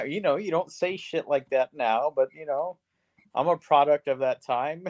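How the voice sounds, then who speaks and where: Halting giggly man, higher voice. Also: dry recording. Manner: halting, self-deprecating, giggly. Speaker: podcast co-host. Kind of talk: casual chat.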